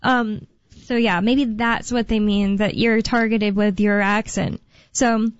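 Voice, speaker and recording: A young woman hosting a talk radio show, chatting casually and rambling with fillers and quick asides. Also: a little high, no echo. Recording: dull lo-fi radio sound.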